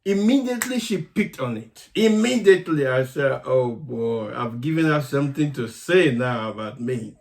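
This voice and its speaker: A man's voice: medium pitch, lively intonation, normal speed, vocal fry, few pauses. A man co-hosting a couple's channel, chatting casually and teasing his wife back in a playful way. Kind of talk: casual chat.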